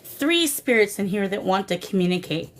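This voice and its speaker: A woman hosting a live paranormal spirit session, coaxing the spirits and greeting her viewers in a warm, emotional way. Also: medium pitch, animated, moderate pace, a little hiss or hum. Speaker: paranormal livestream host.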